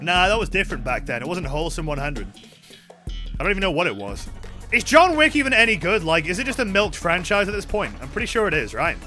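A young man with a high, bright voice rambles about games while he plays, jumping up and down in pitch. He breaks into sudden excited shouts and swears freely, with faint music playing behind him. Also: fast talker. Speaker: game streamer. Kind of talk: casual chat while gaming.

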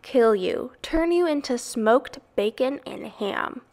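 A woman's voice: on the high side, expressive, slow, a little mellow. Woman doing a blunt old ewe. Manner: blunt, knowing, snappish. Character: blunt old female sheep, gossipy and sharp. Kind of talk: storybook read-aloud.

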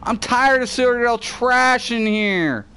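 A man's voice: very high-pitched, slow pace, bright, forceful tone, clear, resonant tone. A man hosting a gaming channel, ranting profanely and trash-talking during live gameplay commentary.

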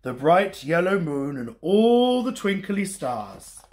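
A man doing a gentle, patient big bear. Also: high voice, big pitch swings, slow pace, full character voice. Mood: soothing.

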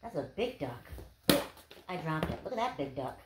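A woman's voice: deep voice, very animated, moderate pace, heavy background noise. A young woman chatting casually to camera as she unboxes gifts, gushing and bubbly, with lots of "like"s. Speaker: unboxing vlogger.

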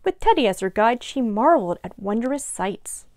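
A woman librarian reading a picture book aloud to young children in an expressive, animated way. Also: fairly high pitch, normal speed, no echo, studio quality. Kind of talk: children's storytime read-aloud.

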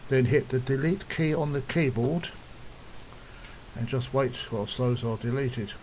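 A man calmly walking through a software task step by step, in a plain, instructive way, now and then clearing his throat. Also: mid-range voice, a little slow, a little hiss or hum, rough recording. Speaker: software tutorial presenter. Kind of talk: step-by-step screen tutorial.

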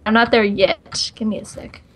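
A woman's voice: medium pitch, steady tone, normal speed, noisy background. A woman playing a co-op game with a friend, chatting casually and laughing easily. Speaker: co-op gaming partner. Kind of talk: casual co-op gameplay chat.

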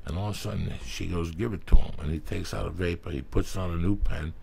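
Gravelly, profane podcast host man. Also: low-pitched, steady tone, fast talker, slight background noise. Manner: loud, emphatic, swears freely. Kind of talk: profane, rambling ad reads.

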